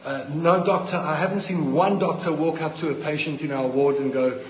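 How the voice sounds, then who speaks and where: A man's voice: a little high, fairly even intonation, moderate pace, hardly any pauses, reverberant, long reverb tail, a little hiss or hum, low-quality recording. A middle-aged South African man, a hospital patient, angrily filming a rant on his phone in a ward. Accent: South African English. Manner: indignant, accusing, fired up. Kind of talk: angry phone video rant. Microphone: phone held by the speaker.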